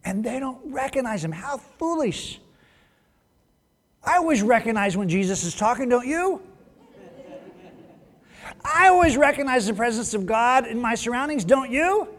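A male pastor preaching a sermon, reading scripture aloud and acting out its people in animated bursts. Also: very high-pitched, moderate pace, long pauses, in a large hall.

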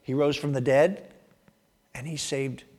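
A man preaching a sermon, animated, rising loud on emphasis and dropping to hushed asides. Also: medium pitch, measured pace. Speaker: pastor.

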